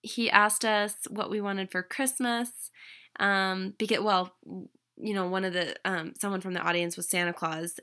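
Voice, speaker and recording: Bright-voiced woman telling a story. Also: fairly low pitch. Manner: chatty, frequent ums and restarts, animated quotes. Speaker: vlogger. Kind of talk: casual personal storytelling to camera.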